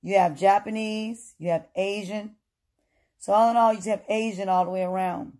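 A woman's voice: medium pitch, fairly even intonation, normal speed, a little mellow. A woman giving an emphatic, repetitive opinion monologue, lecturing her listeners in casual speech.

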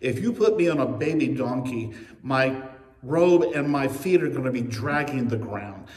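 A man's voice: mid-range voice, moderate pace, a little mellow. A man preaching a sermon as pastor, telling the story with humorous asides and acting out the quotes. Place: church sanctuary. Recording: echoey church recorded from a distance.

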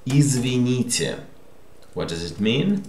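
A man teaching a language lesson, repeating words slowly and checking in with the listener. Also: low-pitched, big pitch swings, slight background noise. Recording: echoey room.

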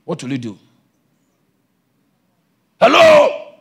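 A man preaching a sermon, shouting with passion and a sing-song cadence, with a gravelly voice. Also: fairly high pitch, animated, normal speed.

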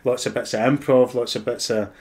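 A man's voice: medium pitch, steady tone, brisk, a little mellow, a little hiss or hum. A Scottish man, a guest actor, telling anecdotes in casual podcast chat, swearing freely and laughing as he goes.

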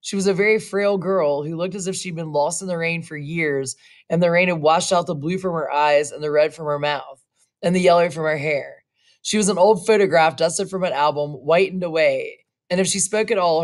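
A woman reading a short story aloud, slow and expressive, now and then adding casual asides. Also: low-pitched. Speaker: reader.

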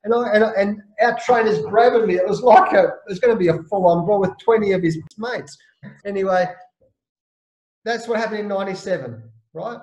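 An Australian man telling a story as an interview guest, lively and blokey, acting out the voices of the people in his tale. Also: high voice, brisk, reverberant, lo-fi sound. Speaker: interview guest, former captain. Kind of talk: animated anecdotal storytelling.

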